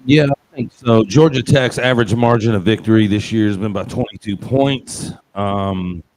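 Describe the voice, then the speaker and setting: A man's voice: fairly low pitch, normal speed, darkish tone. A man co-hosting a casual football picks show, joking and rambling with punchy asides. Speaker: show co-host. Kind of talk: casual sports betting chat.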